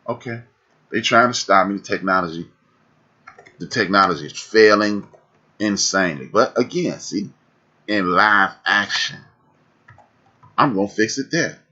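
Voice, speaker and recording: Man, deep husky voice, sharp forceful delivery, dull lo-fi stream audio. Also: expressive, a little slow, long pauses. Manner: fiery and preachy, repeats phrases for emphasis. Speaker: podcast host. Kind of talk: live-streamed talk.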